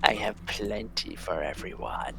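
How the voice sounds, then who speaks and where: A man's voice: low-pitched, expressive, unhurried, gravelly, voice pushed down, heavily acted. A man voicing a sweetly menacing old hag woman who coos falsely kind offers.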